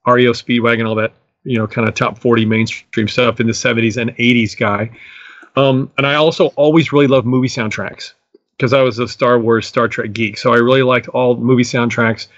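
A man's voice: mid-range voice, flat delivery, a little fast, no room sound, dull audio. A middle-aged man, a musician guest, telling stories enthusiastically in a rambling way full of fillers. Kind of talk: casual storytelling interview.

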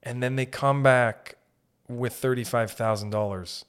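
A man with a non-American English accent hosting a podcast, rambling and swearing in loose, animated casual chat. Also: medium pitch, a little slow, smooth. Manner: rambling, profane, animated riffing. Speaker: podcast host.

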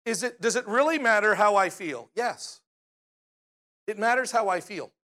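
A man's voice: high-pitched, expressive, normal speed, bright, forceful tone. A middle-aged man preaching a sermon in a conversational way, often asking his listeners questions and tagging lines with "right?". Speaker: pastor.

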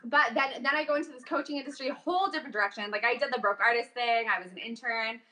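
Chatty young woman, bright voice. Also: a little high, fast, a little hiss or hum. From Calgary, Canada. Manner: chatty, animated storytelling with frequent fillers. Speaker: guest, voice actor and coach. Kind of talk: casual interview chat.

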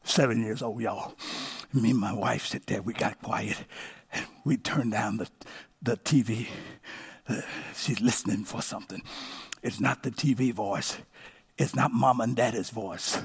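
A middle-aged male pastor preaching a sermon, swinging from hushed asides to shouted calls of "come on now". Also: on the low side, a little slow, long pauses, husky.

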